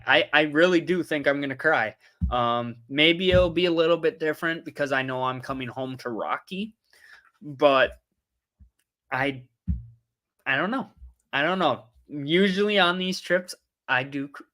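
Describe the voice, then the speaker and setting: A man's voice: medium pitch, sharp tone. A young man hosting a casual livestream, chatting loosely to viewers and often losing his train of thought. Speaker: livestream host. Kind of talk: casual live-stream chat.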